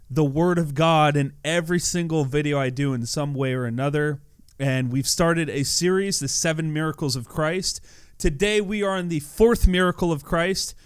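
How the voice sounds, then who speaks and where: Earnest man, a bit high-pitched. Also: clear, resonant tone, dry recording, clean studio sound. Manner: earnest, animated, often repeats words. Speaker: YouTuber. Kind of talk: casual devotional commentary over gameplay.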